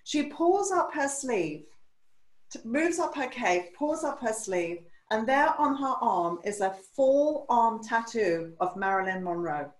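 An older woman from England, a hairdresser telling stories in an interview, animated and acting out the voices of people she quotes. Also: on the high side, a little slow, echoey room, poor audio. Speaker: hairdresser and educator. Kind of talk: storytelling in a podcast interview.

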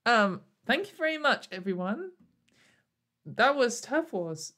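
A woman's voice: fairly high pitch, big pitch swings, takes it slowly, a bit bright. A young woman YouTuber talking sarcastically to camera in a casual commentary, rambling with many fillers and frequent laughs. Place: at home in front of a camera.

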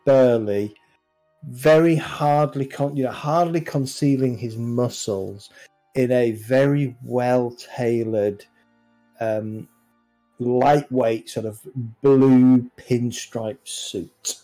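A man narrating as game master of a tabletop game over an online call, describing scenes at an unhurried pace. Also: medium pitch, warm tone, faint music behind, rough recording.

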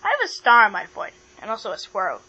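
A woman voicing a fussy penguin toy who complains in rushed bursts. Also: medium pitch, huge pitch swings, bright, forceful tone, slightly rough, exaggerated voice. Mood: complaining. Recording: dull lo-fi with mains hum.

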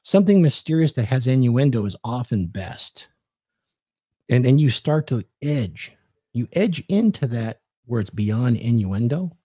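A man's voice: medium pitch, lively intonation, unhurried, dark tone, breathy edge, no echo, studio quality. A man hosting a podcast, giving dating advice in casual chat and acting out quoted lines in a commanding tone.

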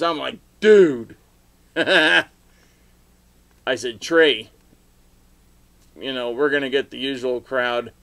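A middle-aged man rambling through a story for his video blog, with sudden loud outbursts and laughter along the way. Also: medium pitch. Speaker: vlogger telling stories.

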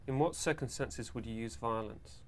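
A man asking brisk, matter-of-fact interview questions from a questionnaire. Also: mid-range voice, a little hiss or hum.

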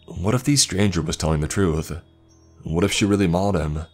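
A man narrating a horror story in a measured, ominous scripted delivery. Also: low-pitched, darkish tone. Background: faint background music.

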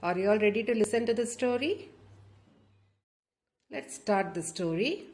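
Lady reading a kids story slow, stops to explain pics and asks the kids stuff, normal pitch. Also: lively intonation, a little mellow. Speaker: children's storyteller.

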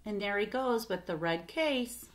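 A woman reading a picture book aloud for children, expressive, with asides to her listeners. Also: mid-range voice, a little slow, a little hiss or hum. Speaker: storytime reader.

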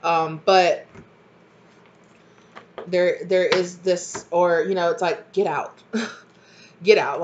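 Rambling, encouraging tarot reader, muffled audio. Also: mid-range voice. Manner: rambling, frequent fillers and "you know"; earnest and encouraging. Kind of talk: casual collective tarot reading.

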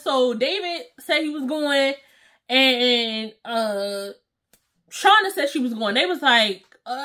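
A woman's voice: sits high, slow pace. A young woman casually telling a story to her viewers, acting out what everyone said with exclamations and slang. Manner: animated, acts out quotes with exclamations and slang. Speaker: storytime vlogger.

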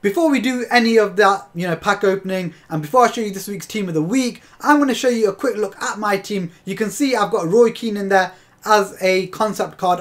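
A young man giving casual commentary while opening game packs, chatty and exasperated, laughing through his disappointment. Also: sits high. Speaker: gaming video host.

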